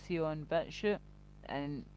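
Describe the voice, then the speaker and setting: A woman's voice: sits low, takes it slowly, a little mellow, slight background noise, low-quality recording. A woman with a Glaswegian Scottish accent, chatting casually on a live stream while reading the chat, blunt and sweary, laughing often.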